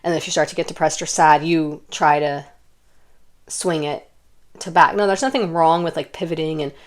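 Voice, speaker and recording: Brief: young woman, lowish voice, gentle rambling card reader, lots of "like" and restarts. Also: fairly even intonation, normal speed. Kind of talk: intuitive pick-a-card reading.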